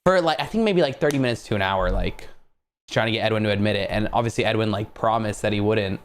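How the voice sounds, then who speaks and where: A man's voice: on the low side, fast talker, smooth. A young man co-hosting a podcast, telling a story in loose, profane chat with heavy slang. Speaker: podcast co-host.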